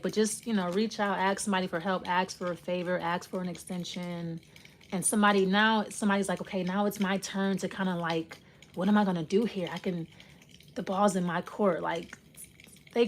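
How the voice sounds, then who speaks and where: A woman's voice: medium pitch, slight background noise. A woman giving a casual tarot reading, rambling and intuitive, often trailing off and starting her thoughts over. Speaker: tarot reader.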